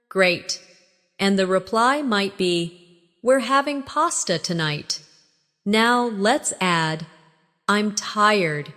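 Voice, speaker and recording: A woman teaching everyday English phrases in a scripted lesson, giving slow, clear prompts for the listener to repeat. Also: mid-range voice, a bit bright, big-room sound.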